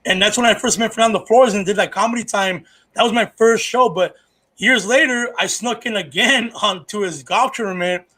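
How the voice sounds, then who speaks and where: A man's voice: high voice, a little fast, bright, forceful tone. A man, a comedian co-hosting a podcast, telling stories in casual chat, rambling and profane with lots of restarts.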